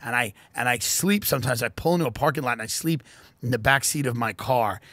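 A man hosting a podcast, doing a profane, deadpan comedic ad read that swings into shouted rants. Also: medium pitch, fast, no room sound. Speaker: podcast host reading ads.

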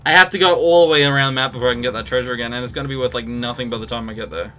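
A man's voice: mid-range voice, rapid-fire, sharp tone, a little hiss or hum. A young Australian man streaming a game live, chatting and ranting in a casual, storytelling way. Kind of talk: live gameplay commentary. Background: game music.

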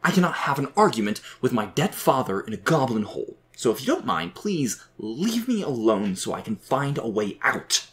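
A man's voice: fairly low pitch, huge pitch swings, normal speed. A man voicing a sarcastic, exasperated young man stuck in a goblin cave in a storybook reading. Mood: angry.

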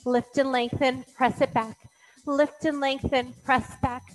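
A woman's voice: high-pitched, little pitch movement, unhurried, poor audio. A woman fitness instructor calling out moves in an exercise class, encouraging and counting, a little out of breath.

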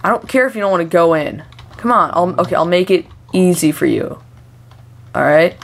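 A young woman talking through a video game as she plays, chatty and excitable, breaking into frantic shouts when startled. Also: on the low side, moderate pace, gravelly. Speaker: gameplay commentator. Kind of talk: let's play commentary.

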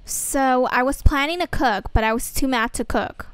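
A woman's voice: sits high, moderate pace, fairly bright tone, clean tone, no echo. A woman voicing a strict mother who scolds firmly. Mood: stern. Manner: firm, scolding. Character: stern strict mother of a teen.

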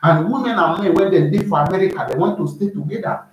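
A man from Nigeria talks in a high voice with a Nigerian Pidgin accent, lecturing in a casual, repetitive way. He keeps checking that his listeners are with him. His voice rings through a very echoey room, well away from the mic. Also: fast talker, recorded from a distance. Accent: Nigerian Pidgin English. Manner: preachy, repeats himself, keeps asking "you dey hear me". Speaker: YouTube vlogger giving advice. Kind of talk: casual advice monologue.

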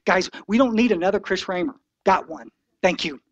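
A man's voice: sits high, expressive, moderate pace, dry recording, muffled recording. A man in his sixties giving an impassioned, folksy talk to a recovery meeting, preachy and blunt.

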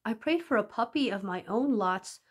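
A woman's voice: on the high side, animated, normal speed, slightly rough. A woman reading as a wistful little boy. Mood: plaintive.

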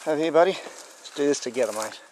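A man with an Australian accent, chatting excitedly on a camera as he climbs through the bush. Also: a little high, fast, a little hiss or hum. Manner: excited, chatty, calls everyone mate. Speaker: bushwalker filming. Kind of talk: casual outdoor vlog. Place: outdoors in the bush, climbing a hill.

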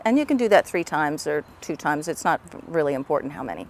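A woman's voice: on the low side, expressive, a little fast, creaky, darkish tone. Female tapping instructor, patient and repetitive, demonstrates the phrases aloud.

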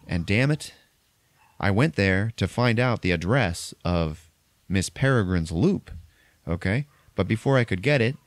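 A man's voice: on the low side, dry recording, studio quality. Man doing a crude gloating villain. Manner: swaggering, profane, loud. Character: crude, gloating male shape-shifting villain.

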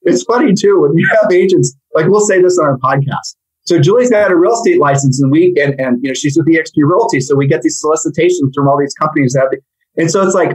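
Male guest, slightly husky, fairly high voice, talks fast in stops and starts, lots of asides. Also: poor audio. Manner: animated, rambling, jokey storyteller. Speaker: real estate coach, guest. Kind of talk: casual podcast chat.

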